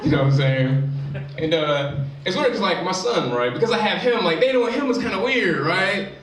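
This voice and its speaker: Speaking a little fast, a man with a high-pitched, fairly bright voice and lively intonation works through a stand-up set at a live venue. His delivery is loose and chatty, packed with "you know what I'm saying," heard through a distant mic in an echoey room with a crowd.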